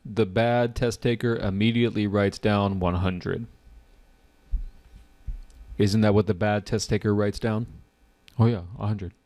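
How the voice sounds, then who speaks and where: A man's voice: on the low side, measured pace. A man teaching an online test-prep class, acting out confused test takers. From United States. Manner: animated, acts out test takers' reactions.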